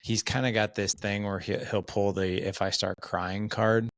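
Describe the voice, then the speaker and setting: Male guest, casual storyteller, low gravelly voice, dry close sound. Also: flat delivery, moderate pace, no room sound. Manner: storytelling, voices quoted dialogue. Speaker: podcast guest. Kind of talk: casual podcast conversation.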